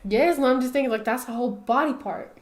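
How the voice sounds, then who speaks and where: A woman's voice: high-pitched, fast, roomy sound. An American woman co-hosting a reaction video, chatting casually with frequent giggles. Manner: giggly, colloquial.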